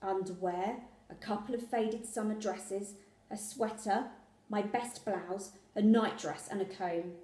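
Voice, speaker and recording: A woman narrating a storybook in first person, measured and steady. Her voice is mellow and darkish, and it rings in an echoey room. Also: mid-range voice. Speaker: reader.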